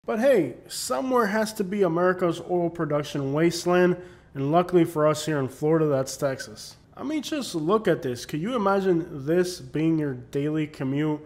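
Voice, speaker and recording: Man, host, sarcastic, mocking, comedic narration, slightly high voice. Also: animated, moderate pace, darkish tone.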